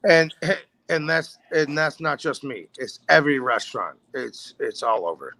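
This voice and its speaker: A man's voice: medium pitch, sing-song, moderate pace, creaky, bright, forceful tone. A man in his forties, a guest telling stories in a laid-back, profane way and saying "man" often. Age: 40s. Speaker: podcast guest, bass player. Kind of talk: casual chat storytelling.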